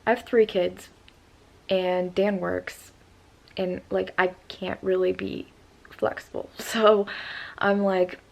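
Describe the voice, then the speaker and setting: A woman's voice: medium pitch, flat delivery, slow pace, creaky, long pauses, darkish tone. A young woman in her twenties telling a storytime vlog in a rambling, casual way, upset after crying. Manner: rambling with many "like" fillers. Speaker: vlogger.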